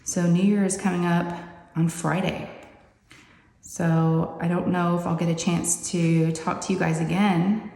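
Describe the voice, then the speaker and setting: A woman's voice: on the low side, little pitch movement, unhurried, gravelly, darkish tone. A woman hosting a crafting channel, chatting casually and rambling to her viewers from her craft room. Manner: chatty, meandering, says y'all. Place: craft room upstairs with door closed. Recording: echoey room with long reverb, faint noise.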